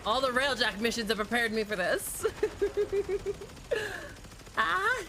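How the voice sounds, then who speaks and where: A young woman streaming a game live, chatting casually, laughing often and shouting playfully back at her chat. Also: on the high side, very animated, slow pace, a little hiss or hum. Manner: giggly, playful, keeps yelling at chat.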